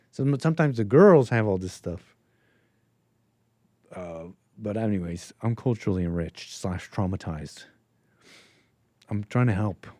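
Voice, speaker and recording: A man's voice: on the high side, gravelly, darkish tone, no room sound, studio quality. A young man hosting a casual live stream, riffing sarcastically over a clip with frequent laughing asides. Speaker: streamer host.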